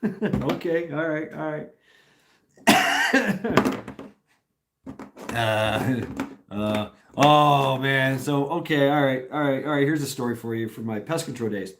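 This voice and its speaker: A man's voice: mid-range voice, takes it slowly, pauses often, a little hiss or hum. Man, middle-aged, from Tennessee, casual stream host, rambling, crude, laughs often. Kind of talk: casual live stream chat reading comments.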